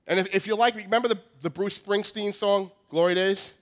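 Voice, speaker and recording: With a high-pitched voice and fairly even intonation, a nasal Long Island pastor in his forties moves briskly with few pauses. Born in Long Island, New York, he delivers a self-deprecating, jokey sermon, often starting his sentences over.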